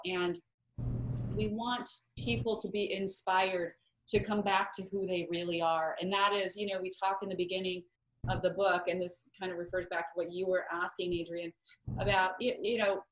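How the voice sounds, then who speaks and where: A woman speaks as an interview guest, earnest and warm as she talks about inspiration. Her voice sits in the middle of the female range. A faint noise runs behind her. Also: medium pitch, poor audio. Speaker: guest author. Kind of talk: interview talk.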